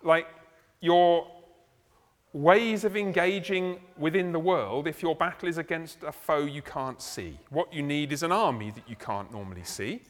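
A man's voice: a little high, measured pace. Conversational male preacher in a hall. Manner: conversational, explaining, slips into acted asides. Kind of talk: expository sermon. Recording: long hall reverb.

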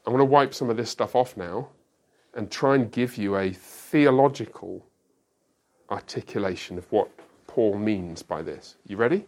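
The man, a pastor, delivers a school Bible class in front of a whiteboard, stressing his points and asking rhetorical questions. He speaks at a fairly low pitch and a moderate pace.

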